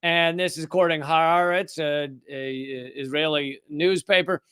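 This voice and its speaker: Man, high voice, dry close sound, live-stream commentary, rambling, sarcastic asides. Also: steady tone, moderate pace, fairly bright tone, clear, resonant tone, dry recording. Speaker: political commentator host.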